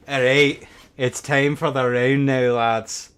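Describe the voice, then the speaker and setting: A young man hosting a game tournament stream, rambling and swearing between bursts of excited play-by-play commentary. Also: medium pitch, slow, clear, resonant tone. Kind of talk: casual livestream game commentary.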